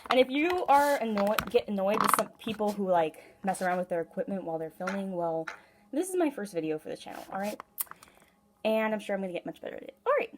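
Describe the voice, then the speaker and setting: A woman giving a casual tarot reading at home, chatty and giggly, talking straight to her viewers. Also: medium pitch. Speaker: tarot reader. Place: home room.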